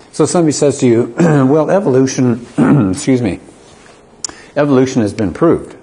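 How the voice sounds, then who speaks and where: A man's voice: medium pitch, normal speed, dark tone. A middle-aged man, a community college teacher, giving an earnest lecture to a live audience, asking rhetorical questions and acting out both sides of short dialogues.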